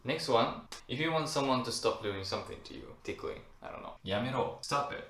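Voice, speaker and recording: A man's voice: medium pitch, expressive, a little fast. A young Japanese man with a Japanese accent giving a casual language lesson, explaining usage through short spoken example phrases. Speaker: language teacher. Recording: echoey room with faint noise.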